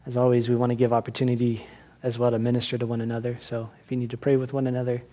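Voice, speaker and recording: A man's voice: medium pitch, completely flat delivery, rapid-fire, dark tone. A man preaching as pastor at a church service, earnest and exhorting, often restarting his words. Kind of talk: sermon.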